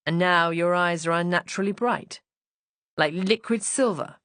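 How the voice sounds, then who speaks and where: A woman's voice: fairly low pitch, normal speed, fairly bright tone, no echo, close to an everyday voice. A woman reading as a languid husband, dry and teasing, unruffled, close dry sound, storybook.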